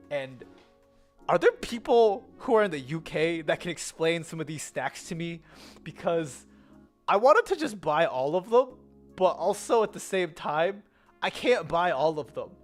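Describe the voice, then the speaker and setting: An American woman telling a story in a casual vlog, animated and giggly. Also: low-pitched. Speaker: vlogger. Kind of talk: casual chatty vlog with slides.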